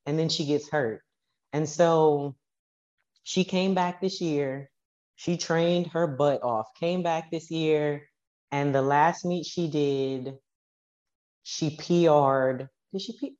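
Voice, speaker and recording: A woman powerlifting coach, a podcast guest, telling stories in a lively, animated way and acting out what people said. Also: low-pitched, muffled recording. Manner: animated, acts out quoted dialogue. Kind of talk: casual storytelling interview.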